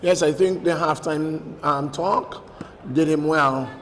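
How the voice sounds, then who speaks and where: A man giving live football commentary, excitable and bantering, shouting when goals go in. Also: a little high, slow, big-room sound, slight background noise, rough recording. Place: stadium commentary position.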